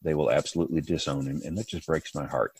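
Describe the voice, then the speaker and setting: A man's voice: extremely low pitch, quick pace, darkish tone, husky, no room sound. A middle-aged man talking as a podcast guest, earnest and repeating words as he restarts his sentences. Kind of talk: casual podcast conversation.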